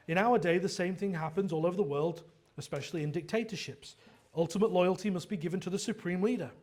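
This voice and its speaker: A man with a high voice delivers an earnest, explanatory sermon. He often trips over a word and starts again, tossing in a quick "right?" to bring the listeners along. He slips into lively quoted lines when he gives a figure's words. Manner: earnest expository preaching with frequent restarts and "right?" asides. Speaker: pastor.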